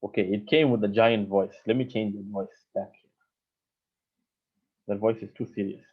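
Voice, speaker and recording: A man's voice: on the low side, steady tone, normal speed. A man teaches a live online coding lesson, explaining patiently step by step and often repeating himself. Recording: tinny phone-like audio.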